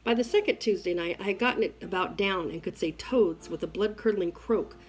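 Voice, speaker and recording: A woman's voice: mid-range voice, fairly quick, poor audio. Woman reading a novel aloud. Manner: expressive, first-person storytelling. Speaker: reader.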